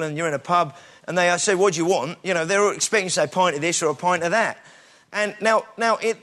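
British man, middle-aged, high voice, chatty sermon, self-deprecating asides. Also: fairly bright tone. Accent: British English. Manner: conversational, self-deprecating, frequent restarts and asides. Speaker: preacher. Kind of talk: informal sermon.

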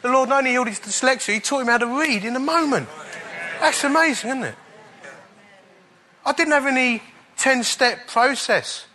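A man preaching, telling a personal testimony in an animated way and chuckling at the funny parts. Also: extremely high pitch, moderate pace. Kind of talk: storytelling sermon.

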